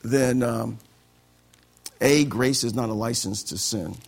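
Man, preacher, gravelly, husky, animated sermon. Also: mid-range voice, slow. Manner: animated, acts out conversations. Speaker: pastor.

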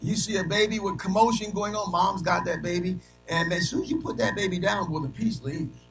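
A middle-aged male preacher delivering a sermon, dropping to soft low asides and rising to shouted peaks, with rhythmic lists and a steady "amen" between phrases. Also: vocal fry, over music, poor audio. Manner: punctuates phrases with repeated "amen"; rhythmic lists, drawn-out emphasis.

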